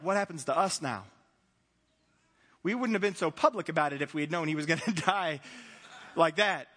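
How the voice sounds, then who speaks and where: A man's voice: very high voice, pushed and bright. A man preaching a conversational sermon as pastor, acting out little dialogues and chuckling as he goes. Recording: reverberant hall.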